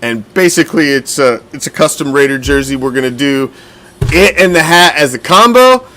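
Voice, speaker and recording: A man's voice: a little high, expressive, normal speed, sharp tone. A man hosting a football fan show, talking casually, bluntly and with a lot of profanity, and getting winded as he goes. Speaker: podcast host.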